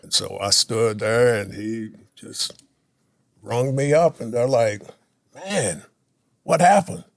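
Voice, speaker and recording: A man in his sixties, a former pro baseball player, telling lively anecdotes in a casual chat and laughing often. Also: lowish voice, takes it slowly, gravelly. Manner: animated anecdotes, laughs often, acts out quotes.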